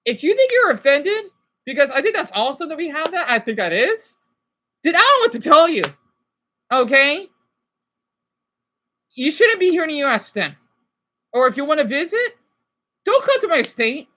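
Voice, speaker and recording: This high, fairly bright female voice belongs to an Arizona woman with an American accent. Ranting emphatically on a livestream from a simple home setup, she rambles on and keeps tossing in "okay?" to press each point.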